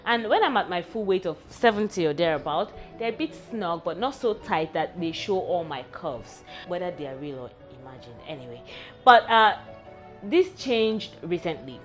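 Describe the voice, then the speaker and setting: A woman's voice: lowish voice, big pitch swings, normal speed, soft background music. Frank, wry young woman vlogging. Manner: frank, wry and self-mocking. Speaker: vlog host. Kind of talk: candid personal vlog.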